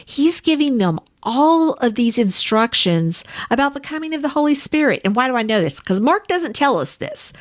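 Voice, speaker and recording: A woman teaching a Bible study in a conversational way, speaking to her listeners as friends. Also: a little high. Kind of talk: casual teaching.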